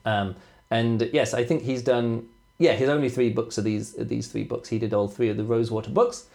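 A man's voice: mid-range voice, fairly even intonation, fairly quick, vocal fry, darkish tone. A man hosting a casual book podcast, talking in a rambling way with frequent restarts and trailing sentences. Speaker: podcast host reviewing books. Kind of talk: casual chat.

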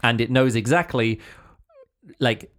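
A man's voice: mid-range voice, measured pace, fairly bright tone. Rambling male podcast host. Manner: rambling, full of fillers and restarts. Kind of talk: casual book review chat.

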